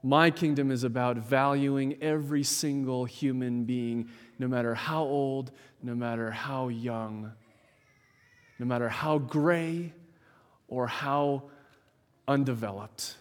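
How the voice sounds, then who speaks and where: A man's voice: mid-range voice, steady tone, slow, lightly acted. A preacher acting as a firm, compassionate male teacher, speaking in an earnest, declaiming way, in a reverberant hall.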